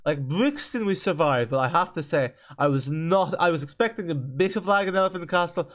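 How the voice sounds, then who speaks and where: A man's voice: a little high, lively intonation, fairly quick, hardly any pauses, a bit bright. A man hosting a game channel, ranting in exasperation at a buggy simulator, stammering and repeating himself. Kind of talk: ranting gameplay commentary.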